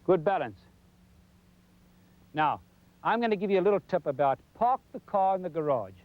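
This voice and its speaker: A man's voice: high voice, big pitch swings, moderate pace, no echo, narrow, tinny audio. A man giving a folksy golf lesson for television, demonstrating as he talks. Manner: folksy, demonstrating while talking. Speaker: golf instructor. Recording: 1990s television broadcast.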